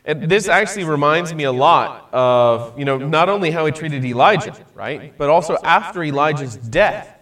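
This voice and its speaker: A man's voice: fairly high pitch, expressive, normal speed, few pauses, a bit bright, recorded from a distance. A man teaching a Bible study class in a casual, conversational way, often checking in with "right?" and asking his students questions.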